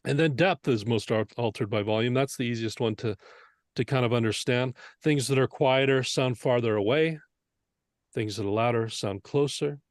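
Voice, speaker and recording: Male mixing instructor, mid-pitched, earnest explainer, dry close recording. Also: normal speed, no echo. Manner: earnest, explanatory, with rhetorical questions. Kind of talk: teaching a lesson on mixing.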